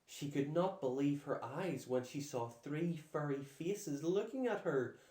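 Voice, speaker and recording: Slow man reading a bedtime story. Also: a little high, animated, mellow. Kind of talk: reading a children's storybook aloud. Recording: echoey room.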